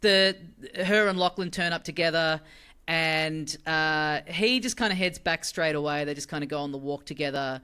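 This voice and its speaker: A podcast co-host recapping a show in casual chat. The voice is bright and very clear, and the talk rambles along with fillers and restarts. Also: medium pitch, moderate pace.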